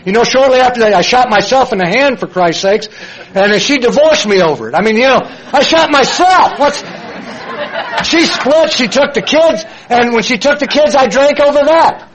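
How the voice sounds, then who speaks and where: Older man, high-pitched, plain-spoken, confessional, repeats himself. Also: lively intonation, normal speed, a faint crowd, low-quality recording. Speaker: speaker at a recovery meeting. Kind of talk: personal testimony talk.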